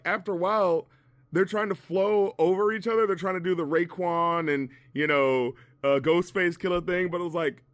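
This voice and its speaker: A man's voice: high-pitched, no room sound, studio quality. A man reviewing a rap album in casual podcast chat, ranting with profane, mocking humor.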